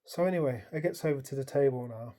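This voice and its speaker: A man tells his dream in a loose, rambling way, leaning on "like" and "um" as he goes. His voice is mellow and soft-edged, and he tells it in an easy, casual way. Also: mid-range voice, fast. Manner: rambling, animated retelling full of "like" and "um"; colloquial, storytelling present tense. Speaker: dream vlogger. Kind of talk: casual storytelling.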